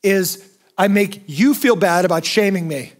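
Guy pastor preaching, pretty high voice, casual and punchy, keeps saying watch this kind of energy. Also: a little slow. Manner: conversational, emphatic, lively. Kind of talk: sermon.

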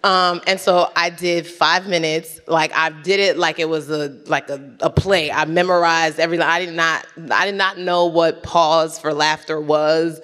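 A woman in her thirties from Nigeria, telling animated, laughing stories on a stage panel and acting out other people's voices. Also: sits low, normal speed, few pauses. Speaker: panel guest. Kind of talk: storytelling on a panel. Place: large hall with an audience. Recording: echoey hall.

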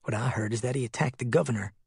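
A man's voice: mid-range voice, rapid-fire, gravelly, slightly rough, no room sound, clean studio sound. A man voicing a wary young woman survivor who talks tersely and defensively. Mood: guarded.

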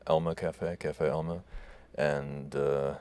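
A South African musician with a South African English accent, chatting in a laid-back, joking way as a radio guest. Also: male voice, extremely low pitch, level tone, slow, darkish tone. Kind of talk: casual radio interview.

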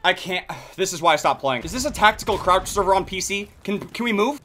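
Hoarse young guy yelling and cussing over a shooter game, voice jumping up and down a ton. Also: high-pitched, brisk, slight background noise. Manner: excitable, swears a lot, sudden shouting outbursts. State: hoarse, scratchy throat. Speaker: gaming video creator. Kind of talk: live gameplay commentary.

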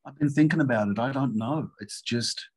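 A man's voice: mid-range voice, moderate pace, slightly rough. A middle-aged man with a faded Australian accent mixed with American, talking candidly and casually in an interview. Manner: relaxed, candid, says bro and man. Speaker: actor, guest.

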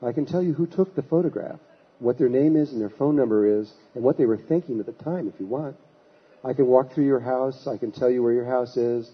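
A man voicing a calm young psychic girl in his own husky voice while telling a story. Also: mid-range voice, a little fast, muffled recording, lightly acted. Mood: matter-of-fact.

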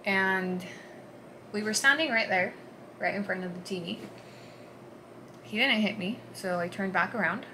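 A woman vlogger recounting a personal story in an earnest, halting way, dropping to a hush and then pushing hard. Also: medium pitch, a little hiss or hum, rough recording. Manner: earnest, halting, swings between hushed and forceful.

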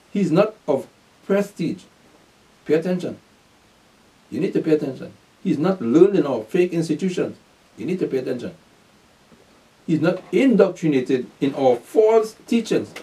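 Preacher man, animated, far from the mic. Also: on the high side, moderate pace, long pauses. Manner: repeats "pay attention", asks and answers his own questions; reads scripture aloud, then explains it in street slang. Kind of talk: sermon teaching.

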